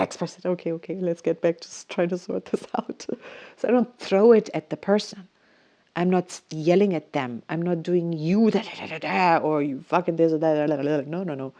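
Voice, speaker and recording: A woman's voice: low voice, mellow. A woman hosting a spiritual talk, rambling casually and animatedly, acting out quotes and often laughing. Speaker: spiritual podcast host.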